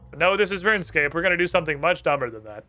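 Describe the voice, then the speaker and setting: A man streaming a game, giving casual, sarcastic commentary full of profanity and quick asides. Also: a little high, expressive, sharp tone.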